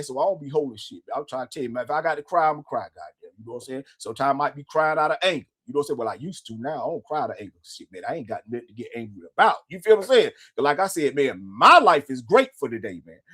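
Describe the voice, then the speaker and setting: Fast-talking high-voiced man, profane monologue. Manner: profane, repetitive, says "man" constantly. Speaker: podcast host. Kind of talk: casual motivational monologue.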